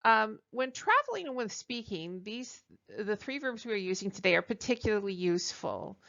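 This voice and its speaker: A woman teaching a recorded French lesson, talking deliberately with frequent ums and uhs and modelling phrases for repetition. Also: medium pitch, very animated, creaky, pushed and bright, highs cut off.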